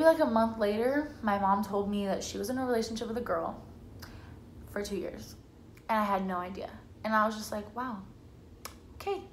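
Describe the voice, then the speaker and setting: Young woman vlogger, slightly high voice, chatty storytelling, echoey room with faint hum. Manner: chatty, says "like" a lot, quotes herself and family in lively voices. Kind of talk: casual storytelling to camera.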